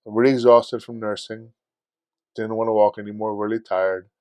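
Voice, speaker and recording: A man co-hosting a podcast in casual chat, telling stories in a profane, animated way and acting out his own shouting. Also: on the low side, moderate pace, no room sound. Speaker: podcast co-host.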